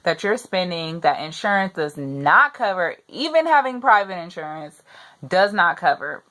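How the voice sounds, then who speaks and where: A woman's voice: on the low side, a bit bright. A young pregnant woman venting her frustration in a personal rant to the camera, repeating herself as she gets upset. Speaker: vlogger.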